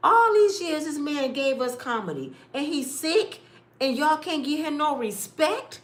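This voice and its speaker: A woman's voice: high-pitched, sing-song, moderate pace. Middle-aged woman vlogger, impassioned storyteller, home room with echo. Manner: impassioned, swings from quiet and tired to loud and exasperated. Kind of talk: casual storytelling vlog. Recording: echoey room.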